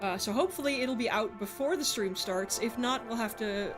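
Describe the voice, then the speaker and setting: A woman's voice: a little high, brisk, music in the background. A woman streaming a game, talking casually to her chat, frustrated and swearing, rambling with restarts.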